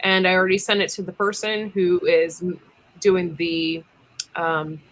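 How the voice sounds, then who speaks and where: Giggly chatty woman, bright voice. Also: fairly low pitch, flat delivery, measured pace. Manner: giggly, chatty, lots of ums. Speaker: livestream co-host. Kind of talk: casual livestream chat.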